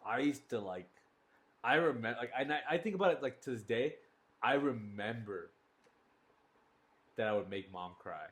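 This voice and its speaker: A man's voice: medium pitch, animated, normal speed, long pauses, a bit bright. A man co-hosting a casual podcast, rambling with lots of filler words. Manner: rambling with many fillers like "dude". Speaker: podcast co-host. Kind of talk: casual chat.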